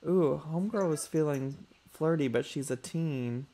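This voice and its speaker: A man's voice: a little high, a little slow, warm tone, slight background noise. A man giving chatty let's play commentary, calling his viewers y'all and talking back to his character with sass. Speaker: gaming YouTuber.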